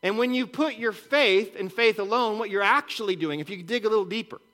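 A man's voice: sits high, brisk, sharp tone. A man preaching a sermon in a conversational way, with rhetorical questions and repeated words. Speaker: pastor.

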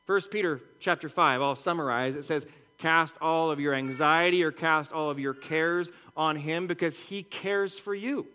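A man delivers a sermon in a notably high-pitched voice. His tone is bright and forceful, and he works through his points with repeated phrases and questions to the listeners. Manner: earnest preaching with rhetorical questions and repetition. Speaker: pastor.

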